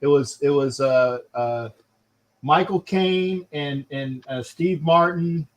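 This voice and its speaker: A man's voice: on the high side, takes it slowly. A man hosting a casual sports-fan livestream, rambling and searching aloud for words. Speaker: host.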